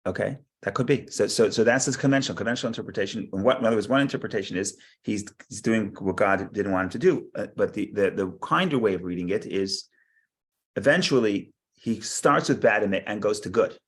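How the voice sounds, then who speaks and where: A man's voice: fairly low pitch, a little fast. A man teaching a Torah study class, reading verses aloud and explaining them with frequent restarts and repeated words.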